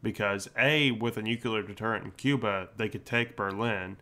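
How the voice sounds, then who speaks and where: A man's voice: on the low side, moderate pace, bright, forceful tone. A young man with a Southern accent, telling history in a rambling, casual way as a podcast co-host. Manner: rambling, laid-back storytelling with fillers.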